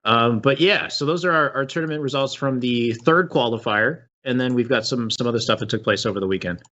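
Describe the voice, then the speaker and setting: A man hosts a casual gaming news segment in a loose, laid-back way, often pausing on fillers and restarting his sentences. His voice is bright and forward in the middle range, and the stream audio is dull and lo-fi. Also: medium pitch. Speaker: show host. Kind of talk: casual esports news chat. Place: home setup on a voice call.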